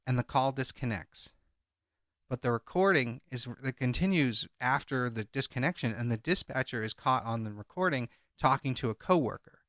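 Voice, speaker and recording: A man co-hosting a podcast, retelling a crime case and reading call transcripts aloud in a measured way. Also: mid-range voice, lively intonation, fairly bright tone, no echo, studio quality. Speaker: podcast co-host. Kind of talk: casual true-crime podcast chat.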